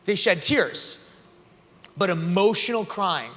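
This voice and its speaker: Bright-voiced man preaching in a big hall. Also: high-pitched, animated, takes it slowly. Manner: earnest, conversational, builds to loud emphatic passages. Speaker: youth conference speaker. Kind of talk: energetic youth talk in a large hall. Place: large arena hall. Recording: long hall reverb.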